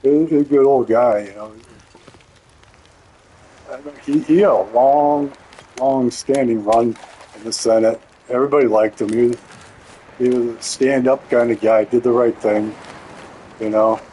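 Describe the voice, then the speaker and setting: A man's voice: medium pitch, steady tone, unhurried, long pauses, mellow, a little hiss or hum, low-quality recording. A man streaming a game, telling a rambling, profane story in a casual way. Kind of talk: casual storytelling while gaming.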